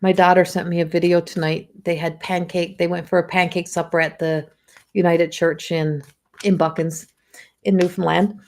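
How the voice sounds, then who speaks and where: A woman in her fifties, a psychic medium, talking gently and encouragingly on a live stream and laughing often. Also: on the low side, flat delivery, moderate pace. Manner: tells family anecdotes with mimicked voices. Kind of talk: live-stream spiritual talk.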